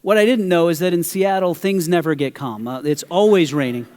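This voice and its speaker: A middle-aged male pastor preaching a sermon, animated as he tells a story and questions the audience. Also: a little high, a little fast. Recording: long hall reverb.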